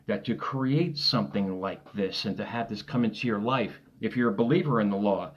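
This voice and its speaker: Guy doing a motivational live stream at his desk, kinda low voice, chuckles a lot, muffled sound. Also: moderate pace. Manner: rambling, upbeat, laughs often, repeats himself. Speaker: motivational coach. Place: home desk.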